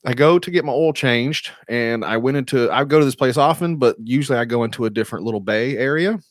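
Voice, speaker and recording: A man's voice: mid-range voice, fast talker, dry recording, clean studio sound. Joking man, crude casual storytelling. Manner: crude, joking, acts out quotes. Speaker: podcast guest. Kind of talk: casual chat.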